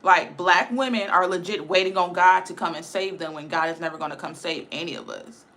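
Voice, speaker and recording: Blunt, bright-voiced woman ranting on a livestream. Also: fairly low pitch, a little fast. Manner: blunt, emphatic, repetitive. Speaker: live streamer. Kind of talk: casual livestream rant.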